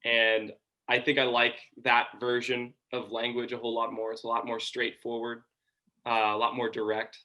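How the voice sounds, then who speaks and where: A man's voice: medium pitch, completely flat delivery, normal speed, sharp tone, poor audio. A young man from Georgia, a college sports broadcaster, answering interview questions thoughtfully with frequent ums. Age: young adult. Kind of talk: casual interview.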